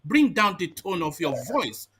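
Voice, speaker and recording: A bright, lively, high-voiced male host. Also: measured pace, husky. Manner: firm, repeats interjections to take control. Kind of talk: moderating an online discussion. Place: at home.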